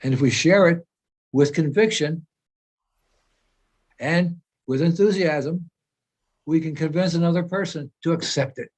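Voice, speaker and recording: A man's voice: fairly high pitch, measured pace, pauses often, darkish tone. A man speaking as a spiritual teacher in an informal discussion, earnest and explanatory, often repeating phrases as he searches for words.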